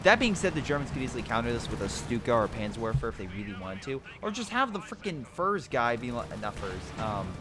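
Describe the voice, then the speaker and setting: A man commentating a strategy game replay, excitable, laughing and giving units joking voices. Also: mid-range voice, a little fast, few pauses. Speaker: game caster. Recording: game noise behind the voice. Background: artillery and gunfire game sounds.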